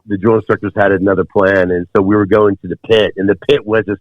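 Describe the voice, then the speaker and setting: Low-voiced man telling a story. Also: flat delivery, quick pace, no echo. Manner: rambling, many fillers and restarts. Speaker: podcast guest. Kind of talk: storytelling in conversation. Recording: dull, dry podcast audio.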